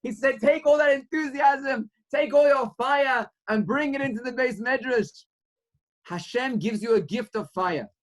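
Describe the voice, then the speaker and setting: Heard through poor audio, this rabbi's voice is extremely high-pitched. Teaching an earnest Torah class, he tells a story, urges listeners, weaves in Hebrew and Yiddish terms, and becomes animated when he quotes.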